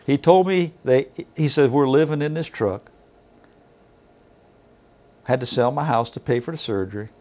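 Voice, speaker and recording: Middle-aged male inspector, folksy yarn-spinner, voices the other people in his stories, mid-range pitch. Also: moderate pace, pauses often, a little mellow. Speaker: weigh station inspector. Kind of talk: casual storytelling.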